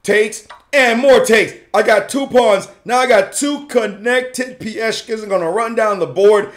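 A man's voice: high voice, unhurried. A man putting on a cocky male chess player who taunts his opponent with swaggering trash talk. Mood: taunting.

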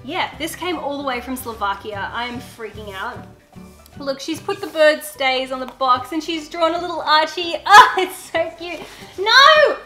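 A young adult woman chatting excitedly in a casual unboxing vlog at home, gushing over each item. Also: high-pitched, moderate pace, soft background music. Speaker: YouTuber.

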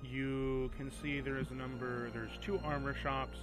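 A man running a tabletop game, describing the scene in a loose, joking, crude way. His voice is mid-pitched, and music is clearly audible behind him. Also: level tone, unhurried. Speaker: game master.

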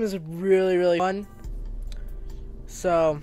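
A man giving casual, excitable commentary while playing a video game, talking to himself and bursting into cheers, his voice cracking now and then. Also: a little high, measured pace, soft background music. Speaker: gaming video creator. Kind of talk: casual let's-play commentary.

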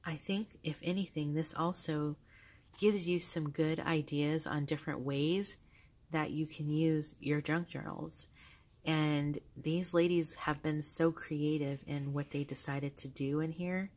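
Low-voiced gushing woman vlogger. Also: fairly even intonation, a little slow. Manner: gushing, soft-spoken, with frequent fillers and laughs. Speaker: vlogger showing a journal. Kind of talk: casual chat. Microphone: handheld camera held close.

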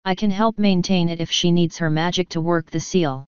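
A woman's voice: lowish voice, steady tone, moderate pace, smooth, no room sound, lightly acted. A woman voicing a practical, matter-of-fact young female unicorn with a wry edge. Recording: dull lo-fi dry recording.

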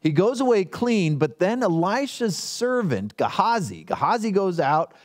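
A man's voice: high-pitched, big pitch swings, unhurried. A male pastor giving a sermon, retelling a story in a casual, joking way. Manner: casual storytelling with playful asides.

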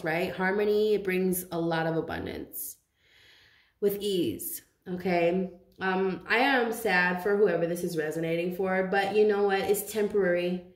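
A woman giving a casual tarot reading, talking straight to her viewers in a chatty, affectionate way. She speaks with emphasis and often restarts her sentences, at a mid pitch. The room around her sounds echoey. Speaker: tarot reader.

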